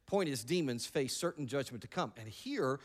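A male pastor preaching a sermon in an animated way, with joking asides and emphatic repeated words. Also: medium pitch, normal speed.

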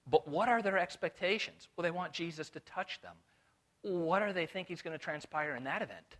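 Male Bible teacher, sermon delivery, higher than usual voice, animated questioning style. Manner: animated, full of rhetorical questions. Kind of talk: expository sermon to a room. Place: room with a live audience.

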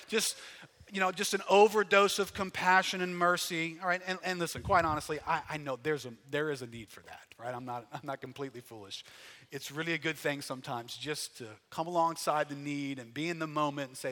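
A pastor preaches in a church, his voice bright and a bit high for a man. He talks in an earnest, conversational way, often restarting his sentences, while a long reverb from the large hall trails behind him. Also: brisk. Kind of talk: sermon. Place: church sanctuary.

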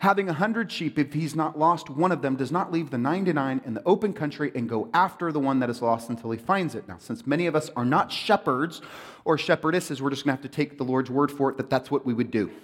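A man preaching a sermon as pastor, joking and acting out quoted voices with lively animation. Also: a little high, fast. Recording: reverberant hall.

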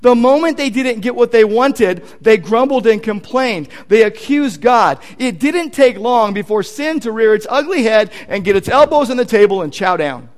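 A man's voice: extremely high pitch, animated, normal speed, hardly any pauses. A male pastor preaching a sermon in a conversational, emphatic way, with casual asides to the congregation.

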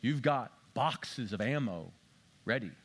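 A man preaching a sermon as a pastor, conversational and self-mocking, with jokes, swinging between loud emphatic bursts and low quiet stretches. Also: expressive, slow, slightly rough.

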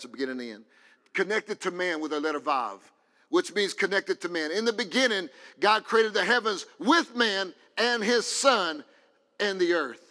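A man preaching a fervent sermon as pastor, now and then rising to shouts. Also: sits high, long reverb tail.

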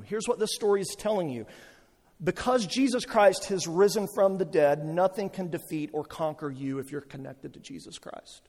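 A man's voice: a little high, normal speed, darkish tone. A man preaching a sermon, building to impassioned repeated refrains. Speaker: pastor. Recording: long hall reverb.

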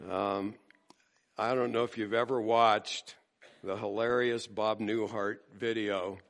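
A man's voice: fairly low pitch, flat delivery, takes it slowly, fairly bright tone. A male pastor preaching a sermon in a conversational storytelling manner. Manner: conversational storytelling, acting out quotes.

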